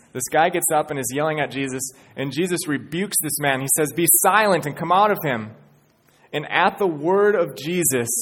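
A man's voice: medium pitch, a little hiss or hum. A man preaching a sermon in an earnest way, building to emphatic peaks. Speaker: pastor. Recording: church hall reverb.

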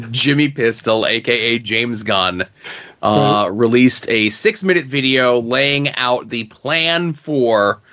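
A man's voice: mid-range voice, animated, takes it slowly, pushed and bright, highs cut off. A man co-hosting a comics podcast in casual chat, rambling with lots of fillers. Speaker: podcast co-host.

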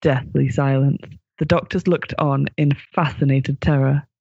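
A man's voice: medium pitch, steady tone, measured pace, vocal fry, a little mellow, slightly rough, highs cut off. A man reading out a gory comic fan story, giggling now and then and putting on voices.

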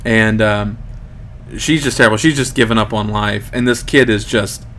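A man's voice: on the low side, steady tone, moderate pace, a bit bright, a little hiss or hum. Joking man in his thirties hosting. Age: 30s. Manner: joking, rambling, with frequent ums. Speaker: podcast host. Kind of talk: casual podcast chat.

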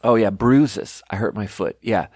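A man's voice: fairly low pitch, a little slow, darkish tone, slightly rough, dry recording. A young man from Sweden telling rambling, profane, self-deprecating stories in a casual podcast monologue, recorded close at home. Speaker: podcast host. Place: home room.

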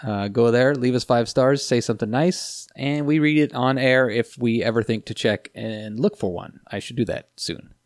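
A man's voice: mid-range voice, moderate pace, hardly any pauses, no echo, studio quality. A man co-hosting a podcast in casual chat, with wry, joking remarks. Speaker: podcast co-host. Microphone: headset mic.

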